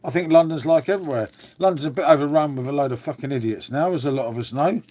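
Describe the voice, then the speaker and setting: A man's voice: a little high, fast talker, darkish tone. A man, from England, hosting a casual live stream, rambling and swearing, calling everyone "mate". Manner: rambling, swears a lot, says "mate" constantly. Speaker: livestream host.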